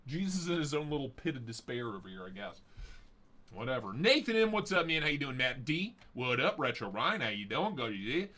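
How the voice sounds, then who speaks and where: A man's voice: mid-range voice, sing-song, fairly quick, sharp tone. A man hosting a casual live stream, rambling and joking with a profane edge. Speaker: livestream host.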